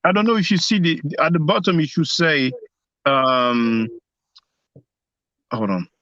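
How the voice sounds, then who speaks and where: A man hosts a live stream from his phone and speaks in a fairly high voice. He hesitates often and restarts his sentences. The sound is muffled and dry, with no room echo. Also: very animated, measured pace, bright, forceful tone. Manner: hesitant, many restarts and fillers. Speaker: host.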